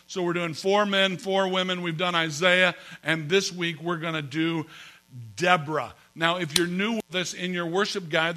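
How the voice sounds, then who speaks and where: A man's voice: on the high side, sharp tone. A man preaching a sermon as pastor in a church, folksy and joking, calling on the congregation to respond. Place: church sanctuary.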